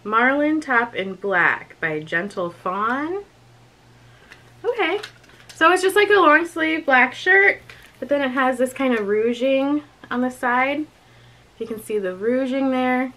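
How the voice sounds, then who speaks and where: A woman's voice: sits high, lively intonation, takes it slowly, sharp tone, rough recording. A young woman chatting casually through a clothing unboxing and try-on, giggling often and talking to herself as she goes. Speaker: vlogger reviewing a clothing box.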